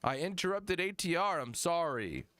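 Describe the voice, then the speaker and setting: Animated, profane man hosting a music review. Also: a little high, moderate pace, no echo. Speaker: host reviewing music live. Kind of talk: casual live-stream chat.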